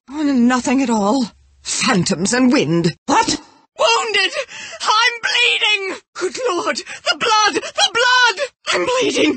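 A woman voicing a haughty, unhinged society lady in a video game, shrill and imperious, swinging between sighs and screams. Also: a bit bright, breathy edge, no room sound, exaggerated voice. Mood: hysterical. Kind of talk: video game character barks.

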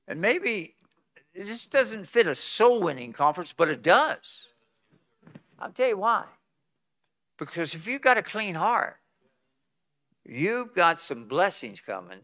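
A man preaching a revival sermon at a conference, swinging from loud pleading to hushed tones, with folksy chuckles between phrases. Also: medium pitch, dry recording, clean studio sound. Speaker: pastor. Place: conference hall.

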